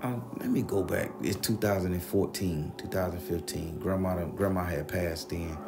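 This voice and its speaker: A man's voice: sits low, normal speed, loud music behind the voice. A man telling a wild personal story, slangy and profane, acting out the voices of everyone in it. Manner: animated, slangy, acts out the voices.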